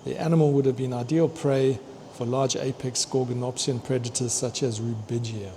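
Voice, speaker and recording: A man excitedly touring a fossil museum, chatting to his viewers and tripping over long names. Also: medium pitch, moderate pace, slight background noise. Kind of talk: walking museum tour vlog. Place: indoor museum hall.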